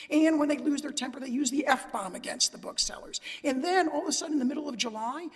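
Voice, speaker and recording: A man's voice: very high voice, quick pace, hardly any pauses. A man arguing an appeal before a panel of judges, emphatic and building long hypotheticals. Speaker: lawyer arguing for plaintiffs in appeals court. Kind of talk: formal courtroom oral argument. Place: courtroom. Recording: long reverb of a courtroom.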